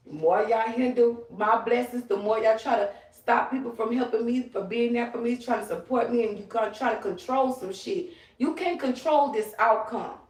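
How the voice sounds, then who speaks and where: A woman's voice: a little high, normal speed, few pauses, a little mellow, distant mic. A woman ranting on a livestream, profane, emphatic and confrontational. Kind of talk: livestream rant. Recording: roomy, away from the mic.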